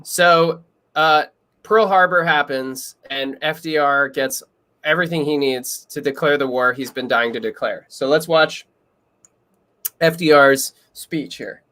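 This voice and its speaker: A young man hosting a history podcast in casual, excitable chat, talking quickly and often laughing. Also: on the high side. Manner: quick, excitable, breaks into laughs and loud yells. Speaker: podcast host.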